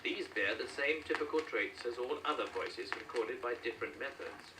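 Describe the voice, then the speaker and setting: A man's voice: mid-range voice, expressive, moderate pace, far from the mic. Formal man narrating an old hissy record. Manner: formal, matter-of-fact delivery. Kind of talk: scripted documentary narration.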